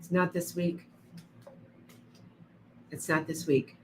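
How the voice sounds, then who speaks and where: A woman's voice: fairly low pitch, steady tone, slow, a little hiss or hum, rough recording. A woman doing psychic readings on a livestream, chatting to viewers by name with frequent restarts. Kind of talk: live-stream reading and chat.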